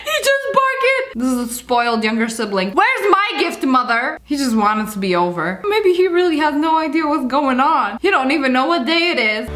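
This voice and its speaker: High, lively young woman reacting playfully. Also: a little fast, hardly any pauses, a little hiss or hum. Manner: playful, slangy, giggly asides. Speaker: reaction video host. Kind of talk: casual reaction commentary. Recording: roomy sound with background music.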